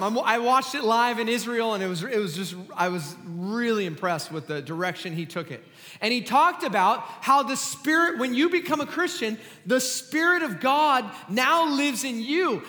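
Bright, high-voiced preaching man. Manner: animated, sarcastic and joking, with quick asides. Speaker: pastor. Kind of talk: sermon. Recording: long hall reverb.

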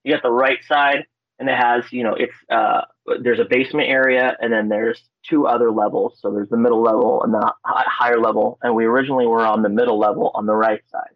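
A man from Alaska, a podcast guest, telling ghost stories in a casual way, with lots of fillers and animated quotes. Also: a little fast, no room sound. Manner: animated, acts out quotes with loud high-pitched voices; laid-back, frequent fillers and swearing. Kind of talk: casual storytelling. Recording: dull lo-fi podcast audio.

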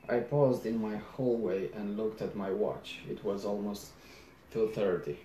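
A man reading a novel aloud in first person, low-key and unhurried, with small slips and restarts. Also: warm tone, slight background noise. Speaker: audiobook reader. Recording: roomy echo.

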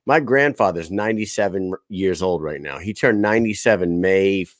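A man's voice: low voice, animated, normal speed, dry recording, clean studio sound. A man co-hosting a casual podcast, swearing freely, laughing and mimicking his relatives. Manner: profane, laughing, mimics family members. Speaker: podcast co-host. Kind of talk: crude casual chat.

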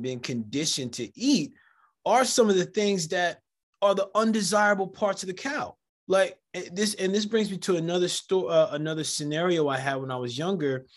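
A man hosting a casual conversation, telling animated stories and acting out the voices of people in them. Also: fairly high pitch, moderate pace. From United States, Jamaican family. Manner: animated storyteller, acts out quoted voices. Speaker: podcast host.

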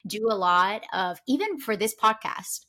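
A woman from Honduras hosting a podcast, talking casually and fast with many restarts. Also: mid-range voice, animated, sharp tone. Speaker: podcast host. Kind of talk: casual conversation.

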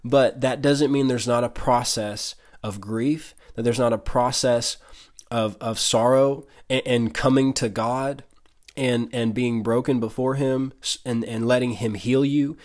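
A male preacher delivers a sermon in an earnest, chatty way. His voice sits at an ordinary middle pitch, and he often restarts phrases as he works through a point. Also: steady tone, measured pace, a little mellow. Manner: earnest, conversational, with frequent restarts and brief laughs.

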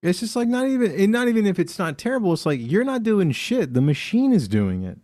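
A man's voice: high voice, brisk, no echo. A man co-hosting a casual comedy podcast, telling anecdotes and acting out other people's voices, with lots of swearing. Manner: animated, acts out voices in anecdotes, heavy swearing. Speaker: podcast co-host.

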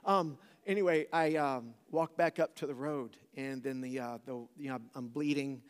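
A preacher in his forties tells a funny personal story to a live audience, casual and joking, often asking the crowd questions. His mid-range voice is clear and resonant at a normal pace, with a big-room sound.

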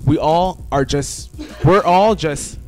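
A man's voice: on the high side, takes it slowly, darkish tone, faint music behind. A man co-hosting a casual group podcast, rambling and emphatic as he makes his point. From United States. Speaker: podcast co-host.

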